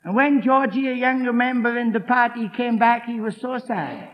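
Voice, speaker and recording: High-voiced, emphatic man preaching. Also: normal speed, highs cut off. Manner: emphatic, forceful, acts out the people in his stories. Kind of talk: evangelistic sermon with storytelling.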